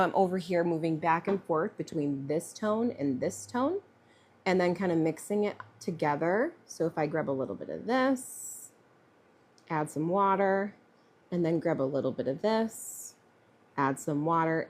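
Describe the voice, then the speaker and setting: A woman's voice: fairly low pitch, expressive, normal speed, a little mellow. A woman artist talking through a live painting demonstration in a chatty way, thinking aloud with fillers. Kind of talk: live-streamed painting demo.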